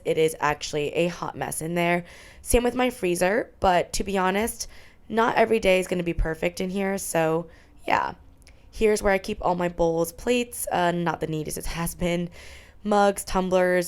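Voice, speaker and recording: A young adult woman narrating a tour of her small apartment, chatty and candid as she lists her things. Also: on the low side. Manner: chatty, candid, listing items. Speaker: vlogger.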